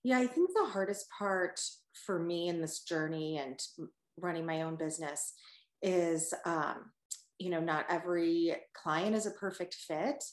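A woman with a fairly low voice reflects on running her business, speaking thoughtfully and hesitantly. The recording sounds roomy and echoey. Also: measured pace. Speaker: guest, photographer and business owner. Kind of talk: reflective interview answer.

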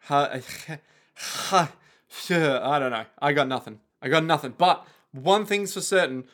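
A man's voice: a little high, moderate pace, fairly bright tone. An Australian man co-hosting a podcast, trading dry, sarcastic banter in a casual chat. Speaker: podcast co-host. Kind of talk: casual comedic recap chat.

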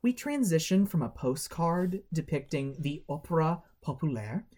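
A woman co-hosts a casual film commentary podcast, cracking sarcastic jokes about the cast. Her voice sits a little low but moves in lively ups and downs. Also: moderate pace. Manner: sarcastic, wisecracking. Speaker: podcast co-host. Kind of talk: casual movie commentary chat.

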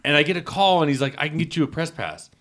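A man's voice: fairly high pitch, fast, a bit bright. A man who works as a film critic, talking casually and getting emotional, stammering and swearing a lot as he tells his story. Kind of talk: casual podcast chat.

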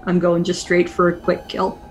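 A woman playing in a tabletop game, talking earnestly and encouragingly, sometimes in quick bursts. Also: lowish voice, monotone, soft background music. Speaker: player.

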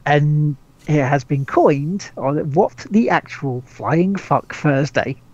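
Co-hosting a gaming podcast, a man rambles casually, stumbling over repeated words and swearing freely. His voice is on the high side and darkish, at a slow pace, with lo-fi sound.

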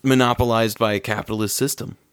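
Man, deep voice, smooth tone, dry close mic, crude joking podcast chat. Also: fairly even intonation, fast, fairly bright tone, dry recording. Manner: crude, joking, rambling with restarts. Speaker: podcast co-host. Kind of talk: casual chat. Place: lives in Florida. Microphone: own dedicated microphone.

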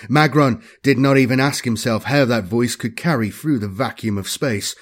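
Man reading dark sci-fi narration. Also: mid-range voice, normal speed. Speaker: audiobook narrator. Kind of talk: scripted narration.

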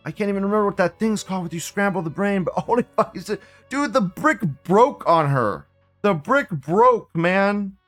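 A man hosting a live show, reading forum posts aloud and reacting in an excitable, profane, rambling way. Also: high voice, moderate pace, soft background music. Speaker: livestream host.

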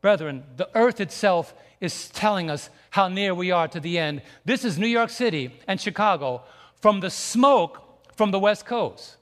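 A man's voice: high-pitched, expressive, measured pace, fairly bright tone, in a large hall. A man preaching a sermon to his congregation, emphatic and repetitive, often restarting his phrases. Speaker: pastor. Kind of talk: sermon with slides. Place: church sanctuary.

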